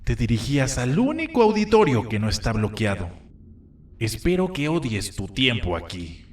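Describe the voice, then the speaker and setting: A man's voice: mid-range voice, big pitch swings, fairly quick, natural voice. An actor voicing a hostile male game creature who sneers at the player with contempt. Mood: contemptuous. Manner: contemptuous, taunting. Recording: roomy, distant game audio.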